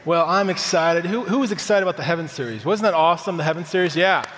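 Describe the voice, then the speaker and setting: A man's voice: a little high, quick pace, noisy background. Upbeat man preaching in reverberant church. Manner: upbeat, conversational, tells personal stories. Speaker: pastor. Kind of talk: sermon. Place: church sanctuary.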